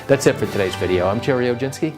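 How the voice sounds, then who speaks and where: A man's voice: medium pitch, lively intonation, very fast, music in the background. A man who is an attorney, explaining a legal topic straight to the camera in an emphatic way, full of rhetorical questions. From New York.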